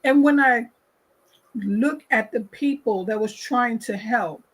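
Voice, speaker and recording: A woman's voice: a little high, slow pace, husky, low-quality recording. A woman hosting a talk show, giving her opinion in an emphatic casual way and repeating her points. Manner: emphatic, repeats points, acts out quoted people.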